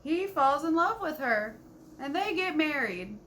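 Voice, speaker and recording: A woman vlogger chatting casually about a book she disliked, blunt and incredulous, cursing as she goes. Her voice sits a bit high and she talks at an unhurried pace. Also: big pitch swings, a bit bright, a little hiss or hum. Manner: blunt, incredulous, swears freely. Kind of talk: casual book review chat.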